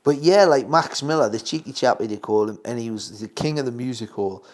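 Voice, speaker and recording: A man, a comedian guest, chatting casually and telling stories with animated, quick asides. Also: medium pitch. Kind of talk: casual chat.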